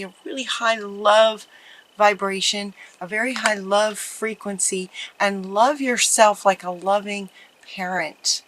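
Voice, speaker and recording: Gentle encouraging woman tarot reader. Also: medium pitch, low-quality recording. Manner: gentle, encouraging, repeats phrases. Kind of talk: casual tarot reading to viewers.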